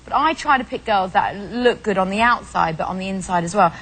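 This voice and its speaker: A British woman from England, a talk show guest chatting casually and telling animated stories. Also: mid-range voice, fairly quick, rough recording. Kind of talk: casual chat.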